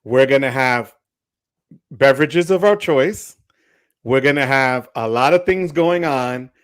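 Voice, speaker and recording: A man's voice: medium pitch, a little slow, clear, resonant tone. A man in his fifties hosting a casual livestream chat, playful and teasing, dropping Spanish words into his talk. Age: 50s. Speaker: host.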